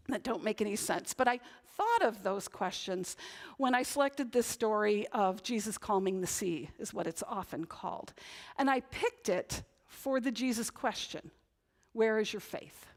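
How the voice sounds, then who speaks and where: A woman pastor giving a conversational sermon, often tagging her points with "right?". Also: medium pitch. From Northern New England. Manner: conversational, chatty, frequent "right?" tag questions. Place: church.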